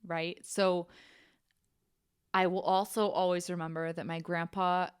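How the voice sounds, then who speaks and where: A woman's voice: lowish voice, flat delivery, measured pace, smooth, dry recording, studio quality. A young adult woman hosting a podcast, telling a personal story frankly and bluntly, swearing casually and saying "like" often. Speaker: podcast host.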